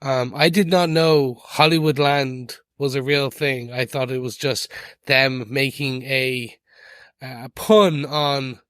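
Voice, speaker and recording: A man's voice: mid-range voice, fairly even intonation, takes it slowly, a bit bright, clear, resonant tone, no echo. A man co-hosting a casual podcast, jokey and self-deprecating. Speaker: podcast co-host.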